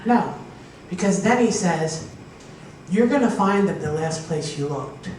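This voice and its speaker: A woman's voice: fairly low pitch, lively intonation, measured pace, darkish tone. A woman from Pennsylvania doing a stand-up comedy set, telling stories and acting out the voices of the people in them. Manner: storytelling, acting out quoted voices, laughing at her own punchlines. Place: live comedy show with an audience. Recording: echoey hall recorded from far off with faint noise.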